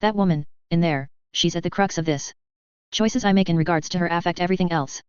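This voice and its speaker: A woman's voice: lowish voice, a little fast, smooth, no room sound, dull audio, close to an everyday voice. A woman reading the lines of a grave, urgent male hero leader in an audiobook.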